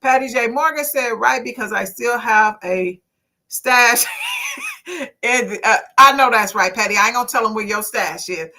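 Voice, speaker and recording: This is a woman who hosts a casual livestream show. Her voice is bright and sits a little high, and she talks in an outspoken, preachy way while she reads viewer comments aloud. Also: normal speed. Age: 50s. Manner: outspoken, lively, preachy, swears. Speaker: livestream talk show host.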